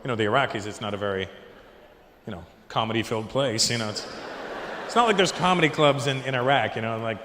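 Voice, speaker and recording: A man's voice: medium pitch, fast talker, background noise. A man doing a stand-up comedy set, riffing with the crowd and acting out voices on a handheld stage mic. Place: large comedy venue with live audience. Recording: echoey hall, crowd audible.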